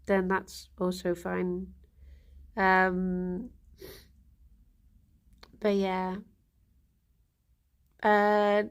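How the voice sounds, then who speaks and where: A woman livestreamer chatting casually with her viewers, tired and yawny after a bad night, relaxed and trailing off with frequent ums. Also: mid-range voice.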